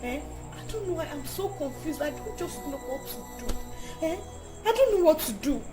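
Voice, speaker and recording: A faithful wife wrongly accused, her voice high and swinging widely as she pleads. Soft music runs under the scene. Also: animated, moderate pace. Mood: distressed. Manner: pleading, repeats "Eh?". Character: distressed faithful young wife. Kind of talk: Nollywood film acting.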